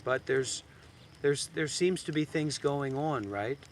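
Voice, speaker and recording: A man giving a meditation talk as a teacher, blunt and teasing, swinging from soft and slow to sudden loud bursts. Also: on the high side, a little hiss or hum. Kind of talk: dharma talk. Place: outdoors in a graveyard.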